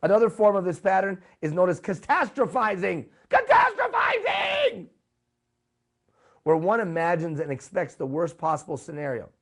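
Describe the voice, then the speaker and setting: A man's voice: sits high, a little fast, hardly any pauses. A man presenting a live workshop, talking emphatically and putting rhetorical questions to his audience. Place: live event room.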